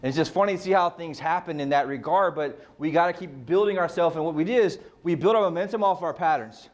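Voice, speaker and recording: A man's voice: a little high, quick pace. A man coaching a real estate team in a casual motivational talk, firing off rhetorical questions and swearing freely.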